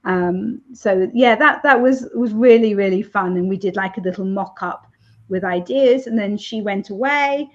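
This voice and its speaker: A woman author chatting in an interview, laughing often and filling pauses with ums. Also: medium pitch. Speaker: romance author, interview guest. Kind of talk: casual interview chat. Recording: dull lo-fi sound.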